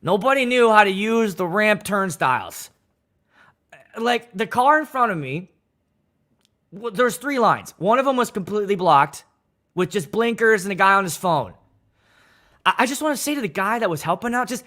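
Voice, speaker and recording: A man's voice: sits high, moderate pace, long pauses. A man who works as a wedding DJ, telling a story on a livestream in a loose, profane, dramatic way. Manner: animated, profane, dramatic retelling.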